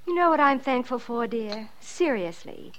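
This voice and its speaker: A contented small-town wife. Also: female voice, a little high, animated, moderate pace, a bit bright, a little hiss or hum. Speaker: mother in radio play. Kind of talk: 1940s radio acting.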